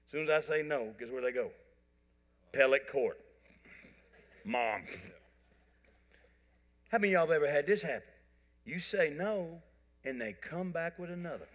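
A man's voice: fairly high pitch, normal speed, pauses often. A man preaching a sermon, telling folksy, joking stories to his congregation. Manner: folksy storytelling, animated and joking. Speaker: pastor. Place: church sanctuary. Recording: church hall reverb.

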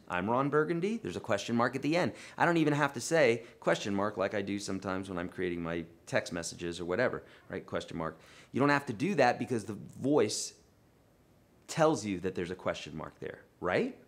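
A man teaching a live online guitar lesson, coaching in a relaxed, repetitive way and checking in often with the viewers. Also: on the low side. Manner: relaxed, repetitive coaching with frequent "okay?" and "right?".

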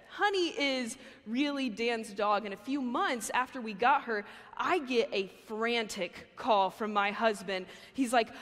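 A woman's voice: fairly high pitch, fairly bright tone. A young woman giving a casual chapel sermon, chatty and full of fillers. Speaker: chapel speaker. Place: university chapel. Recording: long hall reverb.

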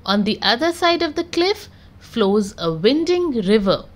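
Woman, bedtime story reader, unhurried, animated sing-song voice, fairly high. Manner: slow, sing-song, gently expressive. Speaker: children's storyteller. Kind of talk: reading a picture book to children.

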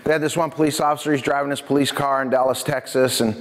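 A man giving a lively prevention talk to a youth audience, telling stories and speaking to the crowd directly. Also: mid-range voice, quick pace. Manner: energetic, addresses audience directly. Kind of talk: lively presentation with storytelling. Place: church hall. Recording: echoey hall.

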